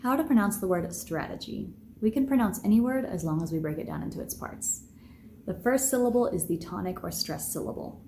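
A woman teaching pronunciation in a podcast lesson, saying each sound slowly and deliberately. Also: mid-range voice, lively intonation, a little mellow, a little hiss or hum. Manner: slow, deliberate, carefully enunciated sounds.

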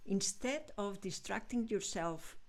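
A woman, an acting coach, giving earnest and halting notes to a student, often repeating words. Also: mid-range voice.

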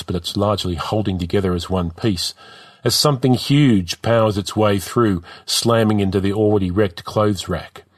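A man's voice: on the low side, dry recording, clean studio sound. A man narrating a story in a vivid, rhythmic reading.

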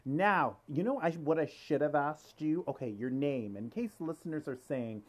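A man hosting an interview, chatty and curious, asking questions with lively jumps in pitch. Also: moderate pace. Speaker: interview host. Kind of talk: casual interview talk.

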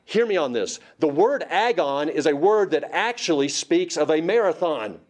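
A man's voice: a little high, expressive, normal speed. A man preaching a sermon, emphatic and asking the congregation rhetorical questions. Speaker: pastor.

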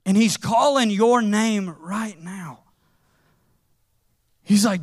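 A man preaching a sermon in a conversational, animated way, with casual slang as he tells stories. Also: high-pitched, slow, long pauses.

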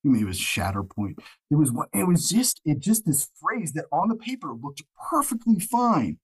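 A man's voice: a little high, very animated, moderate pace, breathy edge, no room sound, poor audio. A man who narrates audiobooks, talking as a guest in a casual interview. He rambles through stories, restarting phrases and acting out the back-and-forth he recalls. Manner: rambling storyteller, acts out quoted exchanges.

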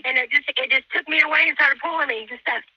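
Brief: frightened woman in her forties, very high voice, begging down a dull, dry phone line. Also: fast talker, no echo. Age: 40s. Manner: pleading, repeating herself. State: panicked, close to tears. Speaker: emergency caller. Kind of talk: emergency phone call.

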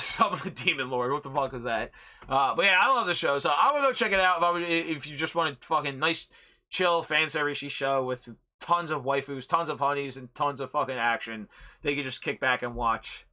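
A man's voice: fairly high pitch, bright, forceful tone. A young male host talks through his review in a loose, meandering way, cursing freely and leaning on filler words. His voice is keen and cutting, sitting slightly above the usual male range. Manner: profane, rambling, heavy filler words. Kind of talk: casual spoken review.

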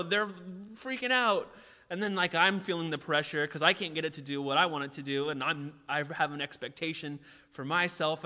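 Young male preacher, casual and animated, forceful tone, reverberant hall. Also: a little high. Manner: conversational, animated, full of fillers. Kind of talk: sermon with personal story.

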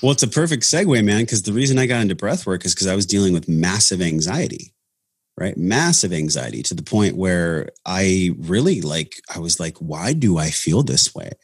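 A man's voice: low voice, animated, normal speed, breathy edge, no echo, clean studio sound. A man talking earnestly about his path into breath work in a casual podcast conversation, with many restarts. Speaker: breathwork facilitator, podcast guest.

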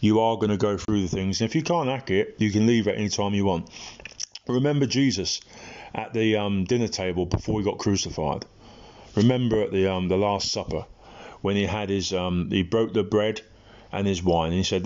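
A man's voice: deep voice, steady tone, normal speed, darkish tone, lo-fi sound. A British man preaching an informal online sermon in an impassioned, blunt, conversational way, with frequent ums. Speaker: Christian preacher.

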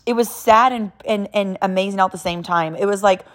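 A woman's voice: medium pitch, brisk. Woman in her 30s from socal, talking raw and emotional about faith, rambles and restarts a lot. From Southern California. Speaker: vlogger sharing a personal story. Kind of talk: candid personal faith talk.

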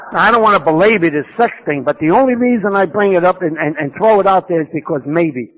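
Man telling a humorous recovery story, on a muffled tape. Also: sits high. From New York. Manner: humorous, self-mocking storytelling with vivid repetition. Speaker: speaker sharing his recovery story. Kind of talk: storytelling talk at a recovery conference.

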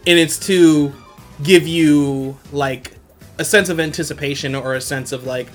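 A man's voice: fairly high pitch, steady tone, unhurried, faint music behind. A young man hosting a podcast, recapping an anime in casual, slangy chat and laughing often. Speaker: podcast host.

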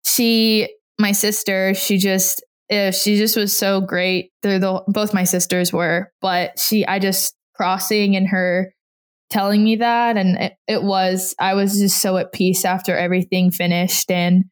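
A woman's voice: mid-range voice, flat delivery, unhurried. Chatty young woman telling a story. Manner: chatty, quotes people in little voices, laughs often. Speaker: guest. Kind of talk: casual chat.

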